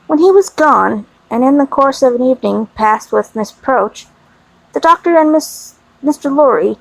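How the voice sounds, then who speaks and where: Sleepy gravelly woman reading aloud. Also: fairly high pitch, no room sound, poor audio. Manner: casual with small stumbles. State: sleepy, yawning. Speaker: audiobook reader. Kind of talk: read-aloud narration.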